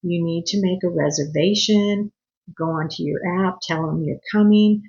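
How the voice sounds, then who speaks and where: A woman's voice: lowish voice, moderate pace, creaky, a little mellow, highs cut off. A woman talking casually to her viewers, giving earnest, slightly scolding etiquette advice with chatty asides. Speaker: cruise vlogger. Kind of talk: casual advice talk to camera.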